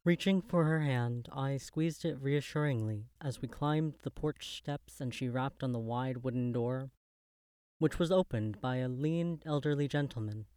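Man, storyteller, first-person gothic narration, measured literary delivery, middle pitch, dry close recording. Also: darkish tone, clear, resonant tone, dry recording.

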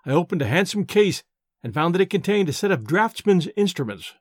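A man reads a novel aloud in the first person, his voice rising and falling with animated expression. The pitch sits a little high for a man, and the sound is close and dry with no room around it. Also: brisk, dry recording. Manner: expressive, lively storytelling. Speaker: audiobook narrator.

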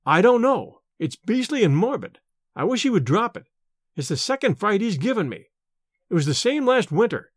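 A man's voice: high voice, big pitch swings, normal speed, dry recording, clean studio sound. A man reading an audiobook and voicing a nervous young male student who speaks in a raised, agitated way. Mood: fretful. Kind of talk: audiobook character voice.

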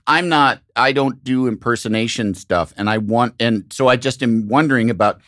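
A man's voice: medium pitch, normal speed, a bit bright, dry recording, studio quality. A middle-aged man hosting a podcast, talking loosely and bluntly, repeating himself as he works toward a point. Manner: loose, repetitive, blunt and profane. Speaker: podcast host. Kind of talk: casual podcast conversation.

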